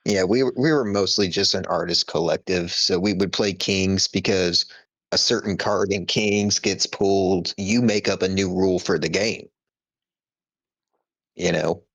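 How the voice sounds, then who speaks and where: A man's voice: deep voice, steady tone, a little slow, a bit bright. A man co-hosting a podcast, chatting in a laid-back, self-deprecating way and swearing now and then. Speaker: podcast co-host. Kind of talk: casual storytelling chat.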